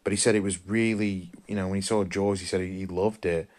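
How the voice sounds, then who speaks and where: A man with a somewhat low voice talks through a film review in a loose, casual way. He rambles and gushes with enthusiasm as he goes. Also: steady tone, fairly quick, a little mellow. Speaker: podcast host.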